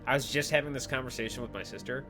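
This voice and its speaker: A young man telling stories while playing a game, animated and swearing freely, with loud exclamations. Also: medium pitch, racing, music in the background. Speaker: gaming video host.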